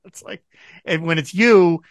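A man co-hosts a podcast, animated and quick to laugh as he retells scenes and quotes the characters. His voice sits a little high, and the sound is dry and close, with no room around it. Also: no echo. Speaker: podcast co-host. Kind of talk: casual chat recapping a TV episode.

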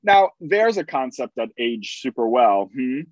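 A man's voice: mid-range voice, sing-song, a little slow, dry recording, highs cut off. A man co-hosting a podcast, reading listener letters with amused asides. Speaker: podcast co-host.

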